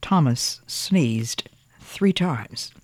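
A storyteller reading a picture book aloud in a gentle, expressive way. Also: medium pitch, very slow, no room sound.

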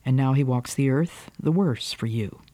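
A man's voice: medium pitch, moderate pace, mellow, no room sound. A man reading a novel aloud in the first person, delivering the narrator's stern moral speeches with earnest, preaching drama. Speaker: audiobook narrator.

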